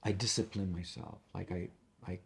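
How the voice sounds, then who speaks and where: A middle-aged man, a musician being interviewed, talking in a halting way and often repeating and restarting his words. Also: low voice, fairly even intonation, gravelly, breathy edge. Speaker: interview guest, tribute band musician. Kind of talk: casual interview conversation.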